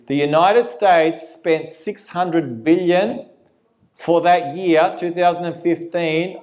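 A man preaching a prophecy sermon, animated and asking his listeners rhetorical questions. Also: on the high side.

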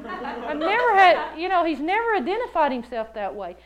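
A woman preaches a sermon in a high voice. She tells stories in an animated, joking way and acts out the voices of the people she describes. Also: moderate pace, a crowd in the background, poor audio. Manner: jokey, laughs often.

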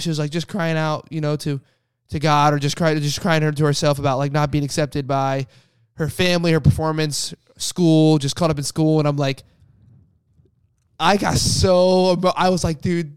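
A man's voice: on the high side, level tone, moderate pace, smooth, no room sound, studio quality. A young man co-hosting a casual faith podcast, telling a personal story with lots of restarts. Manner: rambling storyteller with many restarts. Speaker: podcast co-host.

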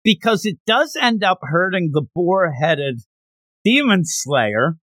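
Podcast guy rambling about a comic, bouncy lively voice, dry sound. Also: high-pitched, slow pace, no room sound. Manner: animated, rambling retelling with lots of fillers. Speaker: podcast host. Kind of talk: casual chat recapping a comic.

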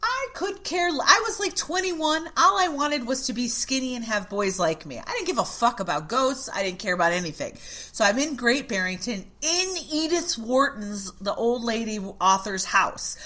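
Lively, bright-voiced woman telling a story. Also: a little high, moderate pace. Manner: animated, swearing, acts out her younger self. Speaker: podcast guest. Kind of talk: casual storytelling.

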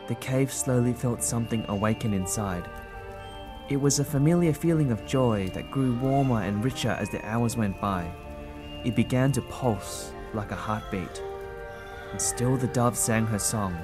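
A man narrating a storybook tale in a gentle, expressive way. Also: mid-range voice.

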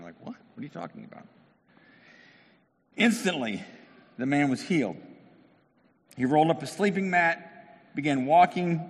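A male pastor giving a lively, conversational sermon. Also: medium pitch. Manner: animated, conversational preaching. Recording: long hall reverb.

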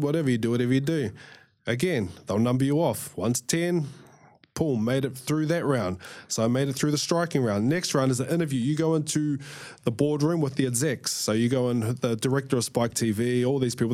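A man in his thirties with a New Zealand accent, telling a story in a relaxed conversation. He swears freely, acts out scenes and quotes people with bursts of energy. His voice sits at a middle pitch. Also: fairly quick. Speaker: guest, fighter. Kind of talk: casual storytelling chat.

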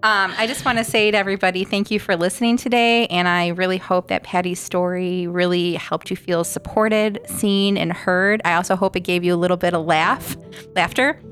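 A woman's voice: fairly low pitch, steady tone, moderate pace, fairly bright tone, smooth, soft background music. Playful woman podcast host with a Chicago accent. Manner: supportive, playful, reacting with short responses. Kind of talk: casual interview chat.

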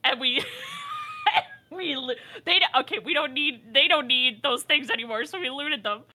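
A young woman recapping a tabletop game session, telling the story in a giggly, animated way. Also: high-pitched, moderate pace.

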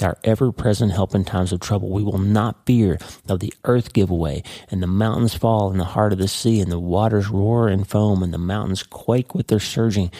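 Low, mellow-voiced man preaching earnestly. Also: no room sound, studio quality. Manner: earnest, emphatic, slows down for dramatic stress. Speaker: devotional podcast host. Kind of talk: devotional podcast teaching.

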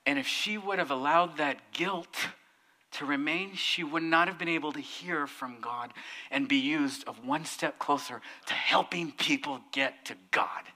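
A man preaching from the pulpit with a high, lifted voice. His tone is sharp and bright, with an edge of tension. He tells his story with animated emphasis. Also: measured pace, big-room sound. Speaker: pastor. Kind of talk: sermon storytelling.

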